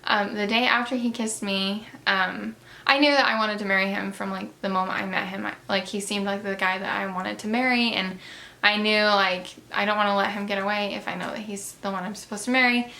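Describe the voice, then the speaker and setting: Bright-voiced chatty young woman. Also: mid-range voice, fairly quick, vocal fry. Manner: chatty, many fillers, animated retellings. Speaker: beauty vlogger. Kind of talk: casual storytelling while doing makeup.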